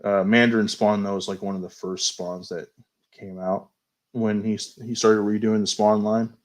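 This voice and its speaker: A man hosting a toy show, casually going over new action figures, chatty and unhurried, often hedging and fumbling for names. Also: fairly low pitch, flat delivery. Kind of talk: casual toy news review.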